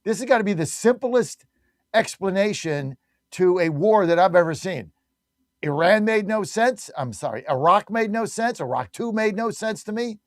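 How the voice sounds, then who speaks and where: A man's voice: sits high, animated, moderate pace, no room sound, clean studio sound. A man hosting a talk radio show, delivering an emphatic, combative opinion monologue full of rhetorical questions.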